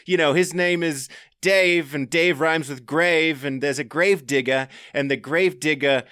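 A man's voice: fairly high pitch, measured pace, sharp tone, clean tone, no room sound, clean studio sound, pitched above the performer's own voice. A man voicing a chatty Australian male cyclist who rambles through a circular explanation. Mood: rambling.

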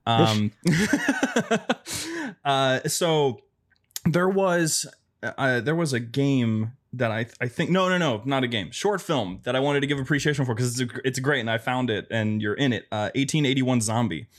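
A man's voice: medium pitch, animated, a little slow. A man hosting a podcast interview, asking questions in an eager, chatty way and laughing often. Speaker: podcast host. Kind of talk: casual interview chat.

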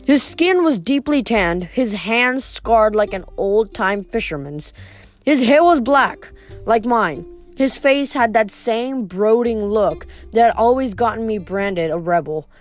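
A woman's voice: fairly high pitch, measured pace, soft background music. Woman reading a novel aloud. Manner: steady first-person storytelling with small slips. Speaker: reader.

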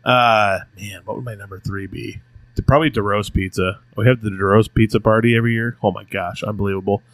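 Low-voiced man gushing in casual chat. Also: steady tone, fairly quick, no echo. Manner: enthusiastic, gushing about food. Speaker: podcast co-host.

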